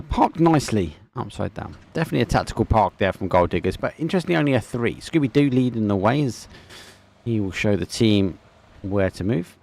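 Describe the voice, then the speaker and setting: A gravelly-voiced man with an Essex accent commentates a live esports match. He speaks casually and warmly to his viewers, with a chatty, friendly manner. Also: lowish voice. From England. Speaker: esports caster. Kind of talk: live game commentary with chat.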